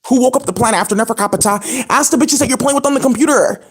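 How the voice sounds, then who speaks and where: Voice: mid-range voice, fast talker, few pauses, husky. A channel host speaking in a profane, scattered and indignant monologue to the camera, with many fillers.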